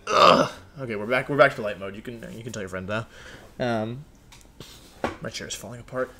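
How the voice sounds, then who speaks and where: Background noise accompanies this young gaming creator's mid-range, fairly quick voice. Seated at his desk at home making a game video, he chats loosely to viewers, rambles, talks to himself and jokes at his own expense.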